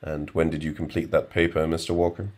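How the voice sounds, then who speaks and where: A man's voice: very deep voice, flat delivery, brisk, a little mellow. A man voicing a stern middle-aged male professor who speaks in a cold, level, weary way.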